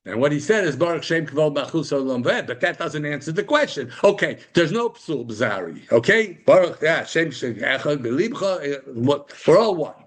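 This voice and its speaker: A man's voice: on the high side, lively intonation, moderate pace, hardly any pauses. A man teaching a Torah class to a live group, asking rhetorical questions and answering them himself, with Hebrew terms woven into English.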